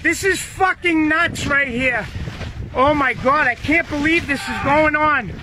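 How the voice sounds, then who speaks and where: A man filming from a boat on open water, excitedly swearing and shouting repeated exclamations at a huge catch. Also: very high-pitched, unhurried. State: shaky with excitement. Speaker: fisherman filming his catch. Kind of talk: excited vlog commentary. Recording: outdoor boat and water noise.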